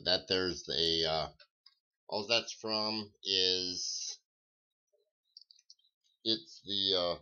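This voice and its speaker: A man's voice: sits low, bright, forceful tone, smooth. A man chatting casually on a live stream, drawling and folksy as he answers viewers' comments. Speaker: live-stream coin seller. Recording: dull lo-fi stream audio.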